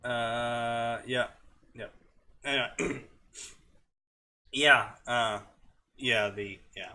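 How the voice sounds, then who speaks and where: A man's voice: mid-range voice, extremely slow, bright, forceful tone. A young man hosting a show who reads fanfiction aloud with sarcastic, joking commentary. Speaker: host reading fanfiction. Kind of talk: comedic reading and commentary.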